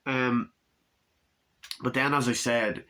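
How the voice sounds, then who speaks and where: A man's voice: mid-range voice, steady tone, slow, sharp tone. A man giving a casual, rambling movie review, swearing often and acting out scenes. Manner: rambling, profane, acts out scenes in quoted voices.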